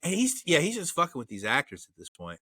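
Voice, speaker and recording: A man's voice: on the high side, huge pitch swings, fast talker, bright, forceful tone, slightly rough, no room sound. A man co-hosting a podcast, walking through an old film's scenes in casual, wry, profane chat. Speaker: podcast co-host. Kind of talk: casual film review chat.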